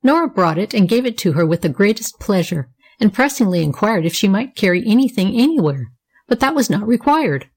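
A woman narrating a children's storybook with a lively, expressive reading. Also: medium pitch.

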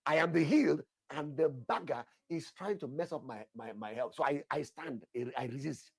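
Husky-voiced fervent male preacher. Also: a little high, normal speed, no room sound. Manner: fervent, repetitive, addresses listeners as sir. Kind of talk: sermon. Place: church altar session.

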